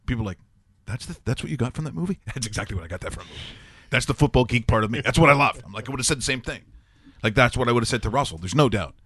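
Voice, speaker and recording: A man's voice: mid-range voice, very fast, no room sound. A man hosting a sports talk show, telling rambling jokey stories in casual banter. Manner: rambling, joking, animated storytelling.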